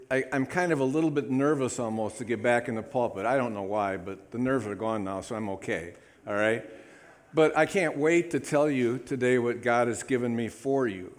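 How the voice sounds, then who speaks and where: A male pastor preaching a sermon in his church, upbeat and chatty, often calling for amens from the congregation. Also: medium pitch. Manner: upbeat, calls for amens, lively congregation prompts. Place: church sanctuary.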